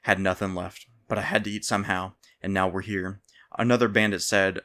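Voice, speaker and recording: Low-voiced male storyteller. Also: level tone, fairly quick, sharp tone. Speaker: narrator. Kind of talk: storybook narration.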